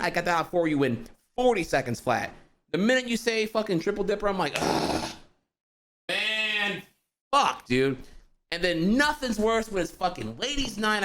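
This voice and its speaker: A man's voice: high voice, a bit bright. A young man ranting heatedly to his stream audience, profane and rambling, full of fillers like "dude" and "bro". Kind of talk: casual ranting monologue.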